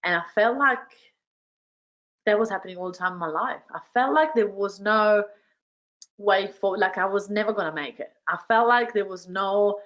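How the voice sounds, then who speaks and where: Energetic woman coach, lo-fi call audio. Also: mid-range voice. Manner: energetic, enthusiastic, quick bursts of praise. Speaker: workshop host and business coach. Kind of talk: motivational storytelling to an online audience. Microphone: video call.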